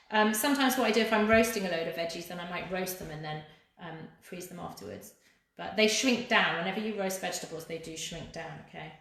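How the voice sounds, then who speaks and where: A woman teaches children to cook in a live demonstration, chatting warmly to viewers as she works. Her voice sits at an ordinary middle pitch. The kitchen around her is strongly echoey. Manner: chatty, encouraging, talks to viewers while working. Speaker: cooking instructor for children. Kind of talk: live-streamed cooking demonstration.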